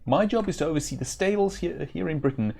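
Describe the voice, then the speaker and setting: A man reading aloud as a pleasant young peasant woman from a fantasy role-playing game who offers horses and carriages in archaic speech. The voice has a gravelly edge. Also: fairly high pitch, lively intonation, quick pace, mellow, voice pushed up, exaggerated voice. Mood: polite. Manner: reads archaic dialogue plainly.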